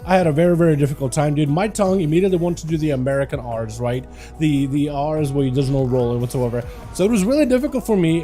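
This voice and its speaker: A man born in Russia, a native Russian speaker, chatting loosely with his livestream audience as its host, full of fillers and quick to laugh. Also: a little high, warm tone. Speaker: game streamer. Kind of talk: casual livestream chat.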